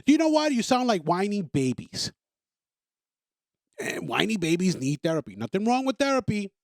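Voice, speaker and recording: A man with a high, very lively voice that swings up and down as he pushes his points. He talks emphatically, circles back on his phrases and stumbles over restarts. The sound is dry and close, with no room around it. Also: moderate pace, gravelly, dry recording. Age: adult parent. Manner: emphatic, repetitive, stammers on restarts. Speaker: podcast host. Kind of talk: opinionated monologue.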